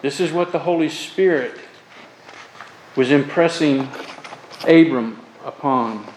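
A man's voice: a little high, slow pace, pauses often, a little mellow, slight background noise, low-quality recording. A man from Florida preaching a sermon as pastor, earnest and emphatic, telling folksy stories with humor. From Florida, USA.

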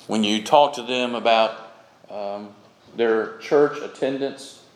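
A male pastor preaching a sermon with slow, emphatic delivery and dramatic pauses. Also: medium pitch, creaky, a little hiss or hum. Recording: echoey room sound.

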